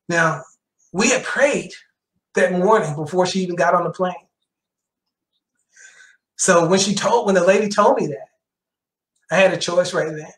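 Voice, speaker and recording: Long pauses punctuate this sermon by a middle-aged church elder, who tells his own testimony and repeats phrases to stress them. His voice is high-pitched and fairly bright, his pace a little slow, all echoing through a roomy church sanctuary.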